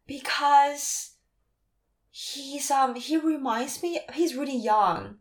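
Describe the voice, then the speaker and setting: A young woman telling a dating story in casual chat, animated and full of "like", acting out what people said. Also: high-pitched, takes it slowly. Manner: animated storytelling, acts out quoted lines with lots of "like".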